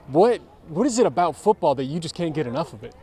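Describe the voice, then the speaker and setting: Friendly TV sports reporter, mellow voice. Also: male voice, a little high, big pitch swings, fast talker. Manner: friendly, joking questions. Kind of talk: TV sports interview. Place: outdoors at a high school field.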